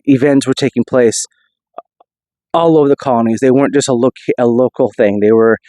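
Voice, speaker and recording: Male history vlogger, casual rambling explainer, dry close audio, mid pitch. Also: fairly quick, dark tone, no room sound, poor audio. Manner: loose, rambling delivery with many restarts. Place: inside an old church.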